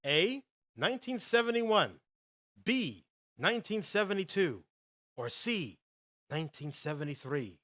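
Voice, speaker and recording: A man's voice: high-pitched, very animated, measured pace, long pauses, bright, forceful tone, no echo, clean studio sound. A young man hosting a podcast quiz round, upbeat and announcer-like, reading out answer choices and players' picks. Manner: upbeat, announcer-like, hums filler while waiting. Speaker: podcast host running a quiz. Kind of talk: energetic quiz show hosting.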